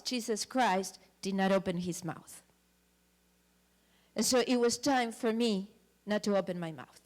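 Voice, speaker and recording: A woman giving an earnest personal testimony in a church talk, emphatic at times and hesitating with fillers. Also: medium pitch. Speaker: guest speaker sharing testimony.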